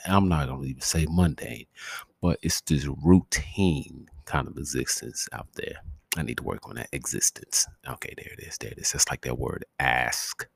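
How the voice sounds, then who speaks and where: A young man hosting a podcast from his bedroom at night, talking low and quiet so as not to wake anyone, rambling with lots of swearing and jokes. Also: gravelly, dry recording. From northwestern and midwestern United States. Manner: hushed, trying to stay quiet, profane and joking. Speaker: podcast host. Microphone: desk microphone.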